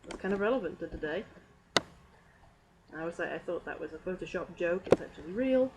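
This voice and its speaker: Woman streamer, slightly low voice, giggly and rambling, over clear background noise. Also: animated, brisk. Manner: rambling, giggly, lots of fillers. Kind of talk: casual meme review commentary.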